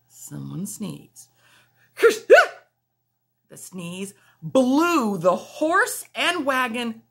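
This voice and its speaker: Teacher-type woman, storybook read-aloud, higher voice, animated, puts on playful character voices. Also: creaky, breathy edge. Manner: lively, puts on voices for animals, laughs along.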